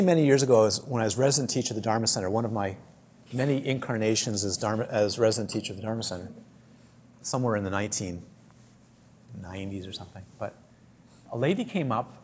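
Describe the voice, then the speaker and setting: A man's voice: medium pitch, animated, fast talker, a little mellow, slight background noise. A man who teaches dharma, giving a talk to a group in a chatty storytelling way, often repeating and restarting his words.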